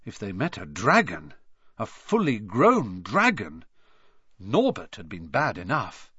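Animated male storybook narrator. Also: fairly low pitch, slow, husky, no echo, muffled recording. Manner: animated, dramatic reading. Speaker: audiobook narrator.

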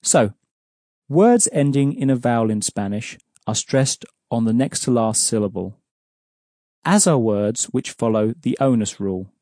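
A man's voice: mid-range voice, expressive, unhurried, mellow, no room sound, clean studio sound. A man teaching an audio language lesson, explaining rules patiently and prompting the listener with questions.

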